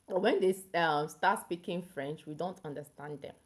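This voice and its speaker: Speaking at a moderate pace in a slightly low voice, a young Nigerian-accented woman hosts a casual livestream. She addresses a viewer directly and explains things at length, keeping things chatty and easygoing.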